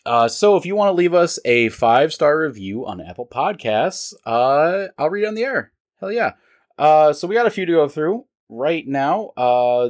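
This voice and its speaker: Young man co-hosting a podcast, lively pitch, jokey and sweary. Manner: animated, joking, swears freely. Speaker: podcast co-host. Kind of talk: casual chat.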